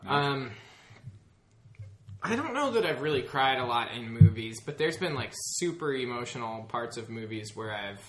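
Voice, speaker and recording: A man chatting casually as a podcast co-host. He teases his friends and tells stories with lively energy. His voice sounds mid-pitched and carries a noticeable room echo. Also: normal speed, background noise. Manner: teasing, animated storyteller. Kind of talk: casual chat.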